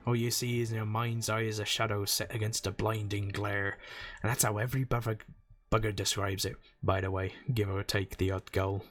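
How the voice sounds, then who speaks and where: A man voicing a gruff middle-aged tavern keeper with an exaggerated rough seafaring brogue, boisterous and long-winded. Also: fairly low pitch, fairly bright tone.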